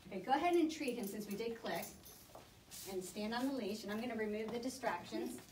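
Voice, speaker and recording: A woman dog trainer giving brisk, encouraging hands-on coaching to a student. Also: on the high side, noisy background. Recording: echoey room, mic at a distance.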